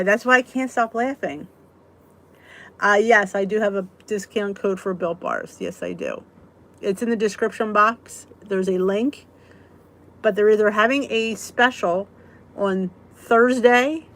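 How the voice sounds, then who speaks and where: A chatty woman hosts a relaxed live stream, answering viewers one by one. She giggles easily and keeps an easygoing, talkative flow. Her voice sits at an ordinary middle pitch. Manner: giggly, chatty, answers comments as they come. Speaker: weight-loss vlog host.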